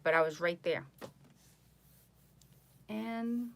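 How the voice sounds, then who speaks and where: A woman tarot reader chatting casually on a live stream from home, boastful and animated, mocking others in voices. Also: on the low side, a little slow, slight background noise.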